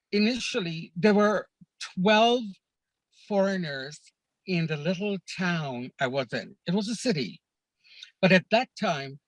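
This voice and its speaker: A man, a guest on a podcast, telling a travel story in a slow, deliberate way with pauses. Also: high-pitched, no echo, rough recording. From Canada. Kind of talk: storytelling in a casual interview.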